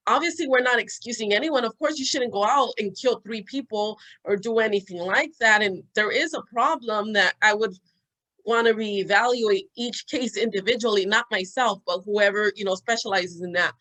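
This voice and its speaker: A woman's voice: mid-range voice, moderate pace, sharp tone, poor audio. A woman in a casual interview, giving thoughtful, hedged opinions with frequent ums and restarts.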